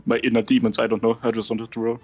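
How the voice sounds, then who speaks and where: Male tabletop player, mid pitch, deadpan teasing, faint music underneath. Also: fast. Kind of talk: casual chat at a tabletop game.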